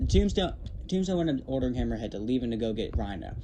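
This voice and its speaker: A man narrates a made-up comic adventure at a quick clip, stringing clauses together with endless linking words. His pitch sits in an ordinary middle range, and music plays steadily behind him. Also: sing-song, low-quality recording. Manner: rambling, run-on narration with many "thus" and "however". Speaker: storyteller. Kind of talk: casual story retelling.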